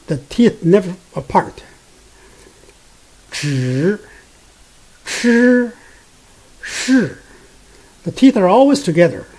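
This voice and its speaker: A man whose first language is Mandarin Chinese, teaching Mandarin pronunciation patiently, repeating each sound many times with frequent pauses. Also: a little high, darkish tone, breathy edge, poor audio. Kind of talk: pronunciation lesson.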